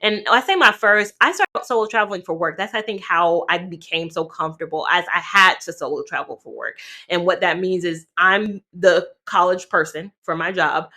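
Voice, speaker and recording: A woman from North Carolina chatting casually to camera as a travel vlogger, animated and talking straight to her viewers. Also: fairly low pitch, moderate pace. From North Carolina, USA.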